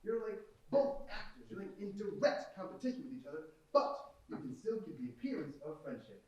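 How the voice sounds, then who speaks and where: A man's voice: sits high, sing-song, fairly quick. A young man playing a slick, brash Hollywood producer. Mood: breezy. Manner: glib, salesy, wheedling and brash. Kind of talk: stage play. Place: theater stage. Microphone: far room mic. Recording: echoey stage from far off.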